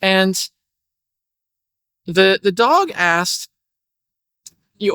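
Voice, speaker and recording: A man's voice: fairly high pitch, lively intonation, normal speed, a bit bright, dry recording, studio quality. A man telling a spiritual parable in a casual, chatty way. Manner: casual, chatty narration with fillers. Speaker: storyteller.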